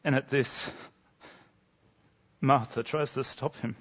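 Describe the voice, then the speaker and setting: A man preaching a sermon in an earnest, emphatic way, dropping to soft, slow lines for drama. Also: mid-range voice, fairly even intonation, breathy edge, highs cut off.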